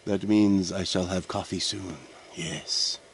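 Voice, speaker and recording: Man, casual camp ramble, low-pitched voice, meandering, faint noise in the background. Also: animated, moderate pace. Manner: meandering, full of uh and restarts. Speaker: vlogger. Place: winter forest camp.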